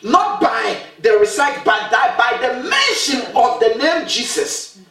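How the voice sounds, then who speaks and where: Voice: mid-range voice, sing-song, a little slow, pushed and bright. A preacher giving an emphatic talk, asking questions and repeating key phrases, recorded from a distance in a roomy space. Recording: roomy sound from a distant mic.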